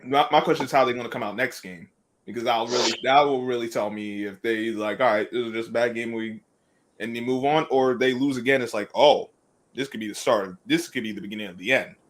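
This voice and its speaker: A man on a casual sports panel with a mid-range voice. He talks in a measured way and reasons his points through step by step. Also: medium pitch.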